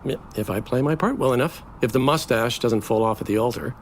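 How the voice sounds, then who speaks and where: An actor playing a flamboyant, bitter groom on his wedding day, melodramatic and sardonic, swinging between slow drawls and sudden outbursts. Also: mid-range voice, slight background noise, close to an everyday voice. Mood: theatrical. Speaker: actor in a stage play. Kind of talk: theatrical stage acting.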